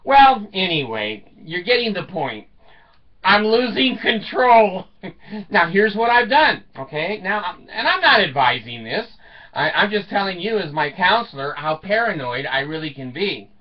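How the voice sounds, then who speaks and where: A storyteller in his seventies tells rambling comic stories in a high, sing-song voice at a slightly slow pace, chuckling often and swearing casually. The sound is dull and lo-fi, with him distant from the mic.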